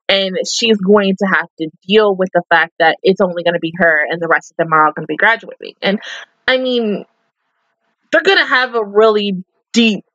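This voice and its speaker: A woman's voice: fairly low pitch, fairly bright tone, dry recording, dull audio. A young woman hosting an anime reaction, gushing and giggling through casual commentary full of "like" and "oh my god".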